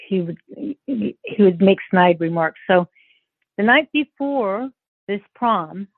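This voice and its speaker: An older woman from Northern California, an interview guest, earnestly telling a personal story with halting restarts. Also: mid-range voice, animated, gravelly, husky, no room sound. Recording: dry tinny phone-like sound.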